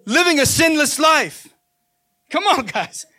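Casual, incredulous Jesus, very high, bright male voice , as a preacher plays him. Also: lively intonation, takes it slowly, exaggerated voice. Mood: baffled. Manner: casual, slangy, baffled. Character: incredulous laid-back Jesus talking to a friend, a man.

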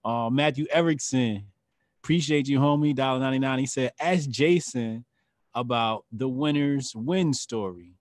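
A man hosting a podcast, relaxed and slangy, chatting and giving shout-outs to viewers. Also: mid-range voice, moderate pace, dry recording, clean studio sound. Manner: laid-back, slangy, gives shout-outs. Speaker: podcast host. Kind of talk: casual chat, reading super chats.

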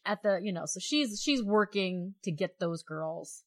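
Middle-aged woman, casual co-host, animated storyteller, mid-pitched. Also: a little slow. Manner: animated storytelling, acting out quoted voices. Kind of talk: casual chat reviewing a film.

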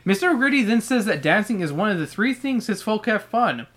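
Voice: mid-range voice, brisk. Sweary podcast host reading a kids book, sarcastic, voice jumps all over. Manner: profane, sarcastic, swings from flat reading to loud outbursts. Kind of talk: comedic book reading and riffing.

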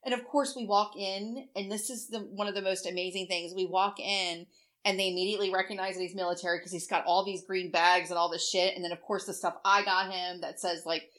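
A woman's voice: mid-range voice, fairly even intonation, brisk, a bit bright. A middle-aged woman co-hosting a casual podcast, telling long rambling stories, swearing freely and laughing often. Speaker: podcast co-host. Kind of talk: casual chat.

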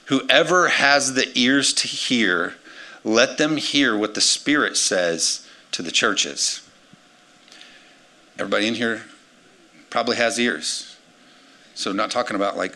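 A man in his forties delivers a lively sermon from the pulpit. His voice is bright and forceful, sitting at an ordinary male pitch. He swings between loud, emphatic declarations and quiet, confiding asides. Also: a little slow, long pauses. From United States. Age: 40s. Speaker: pastor.

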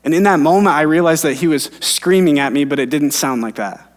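A man's voice: on the high side, a little fast. A man in his thirties, a pastor preaching an earnest sermon and telling personal stories. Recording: long hall reverb.

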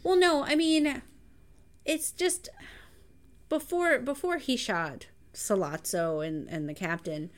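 A woman's voice: high voice, slow. A woman in a casual chat about a film, adding her own commentary and finishing her partner's sentences. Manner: chatty, adds commentary and finishes the other's sentences.

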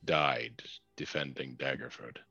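A man voicing a grave male adventurer in a low voice. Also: flat delivery, a little slow, bright, forceful tone, breathy edge, lo-fi sound, soft background music, full character voice.

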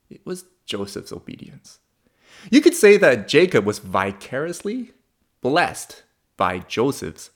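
A man preaching a sermon in a conversational, humorous way, asking the congregation questions. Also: mid-range voice.

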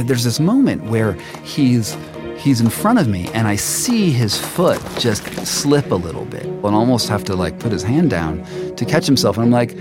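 A man telling his own story in the first person, halting and full of restarts and repeats. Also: lowish voice. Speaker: storyteller guest.

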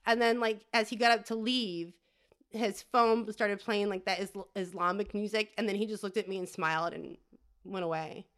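A woman's voice: mid-range voice, fairly even intonation, moderate pace, fairly bright tone. A woman podcast host doing a rambling, crude comedic monologue, often tagging "okay?".

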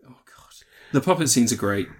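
A man's voice: medium pitch, lively intonation, normal speed, slightly rough. Laughing man telling stories. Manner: laughs often, acts out silly voices in stories. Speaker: podcast co-host. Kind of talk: casual chat.

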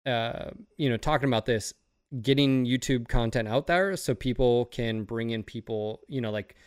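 A man's voice: mid-range voice, moderate pace, clean tone, no echo, studio quality. A man talking in a casual podcast chat, rambling and profane, often getting fired up. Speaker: streamer and podcast host.

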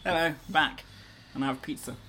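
A podcast co-host talks in a relaxed, teasing way. His voice sits a little high for a man, and a steady noise runs behind it. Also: brisk. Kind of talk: casual chat.

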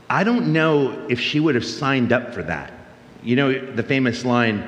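A man's voice: mid-range voice, lively intonation, normal speed, a bit bright, dull audio. A middle-aged man preaching a sermon in a conversational way, telling stories with many fillers and restarts. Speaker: pastor. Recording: roomy hall reverb.

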